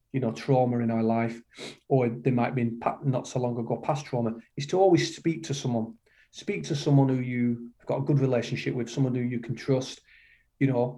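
A middle-aged man from the UK speaks as a podcast guest in a warm, mellow voice. His pitch sits in the everyday middle for a man. He talks with passion and emphasis, repeating his key phrases and calling the listener "man" like a motivational coach. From United Kingdom. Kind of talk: podcast interview conversation.

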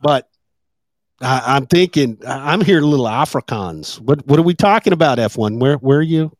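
A man's voice: mid-range voice, lively intonation, no echo, studio quality. A man co-hosting a casual online talk show, swearing freely and laughing often. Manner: loud, swearing, quick to laugh. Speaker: co-host. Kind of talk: casual banter.

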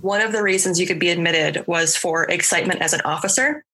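A woman's voice: fairly low pitch, fast talker, bright, forceful tone, breathy edge. A woman hosting a podcast, chatting casually and upbeat with her co-host.

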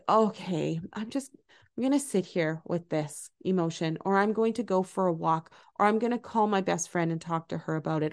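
Middle-aged woman, warm-hearted coach voice, gentle and animated solo podcast talk. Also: mid-range voice. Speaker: podcast host and eating coach.

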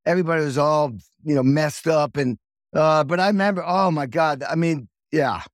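A man hosting a podcast who chats casually and reacts with excitement to his guest's stories. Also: a little high, moderate pace, no room sound, studio quality. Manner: enthusiastic, marvels at stories. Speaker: podcast host. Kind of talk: casual interview chat.

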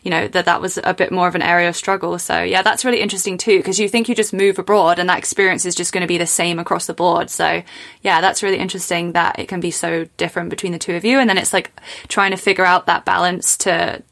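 Female podcast host, mid-pitched, chatty and affirming, casual interview style. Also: steady tone, fast, vocal fry, fairly bright tone.

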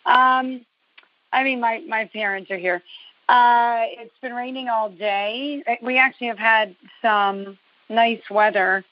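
A woman caller from New Jersey with a fairly high voice, telling a long story in a rambling, detailed way with a sarcastic edge. Her voice comes through dull and lo-fi, dry and close with no room sound. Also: fairly even intonation, slow pace, dry recording. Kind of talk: phone-in storytelling. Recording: dull, dry lo-fi call audio.

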